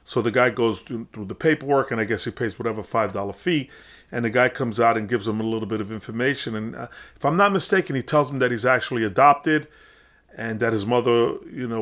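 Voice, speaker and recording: A man casually retelling a film, with a voice of ordinary middle pitch for a man. He rambles, restarts his sentences and leans on fillers as he goes. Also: fairly bright tone. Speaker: film recapper.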